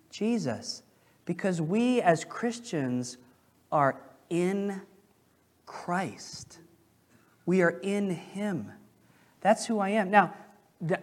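A male pastor preaching a sermon in a church, questioning the congregation and slowing down to stress key phrases. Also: sits high. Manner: emphatic, slows down on key phrases. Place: church sanctuary.

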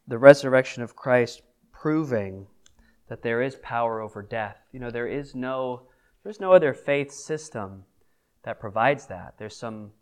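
Clear-voiced man preaching off the cuff. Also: mid-range voice. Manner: conversational, with fillers and restarts. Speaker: pastor. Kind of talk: unscripted sermon talk.

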